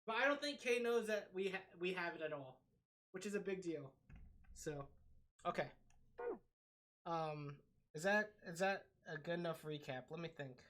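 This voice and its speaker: A woman's voice: on the low side, animated, normal speed, long pauses, a bit bright. A woman streamer chatting casually through a game, greeting chat and reacting with amusement. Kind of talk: casual gameplay commentary.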